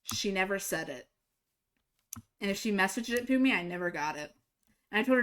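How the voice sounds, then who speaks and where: A young woman streaming a game, telling a personal story in a casual, animated way and jumping higher to act out quoted lines. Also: brisk, long pauses. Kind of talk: casual storytelling while gaming.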